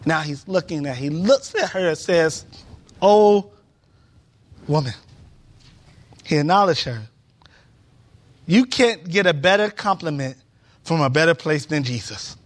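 A man's voice: on the high side, measured pace, pauses often. A man preaching a sermon in a church, telling stories with acted-out voices and building to emphatic peaks. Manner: animated storytelling, acts out voices, rising to emphatic peaks.

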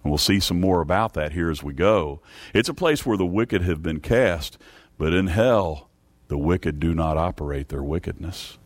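A man's voice: animated, normal speed, no room sound. Fiery preacher man with folksy swings. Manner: swings from low hushed tones to loud pleading cries; folksy, addresses congregation as folks. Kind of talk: sermon.

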